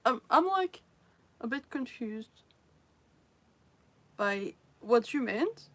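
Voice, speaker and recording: A woman's voice: fairly high pitch, sing-song, slow, fairly bright tone. Giggly woman chatting on stream. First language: French. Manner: giggly, laughs often between phrases; hesitant, restarts sentences while searching for English words. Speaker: livestream host. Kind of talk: casual livestream chat with viewers.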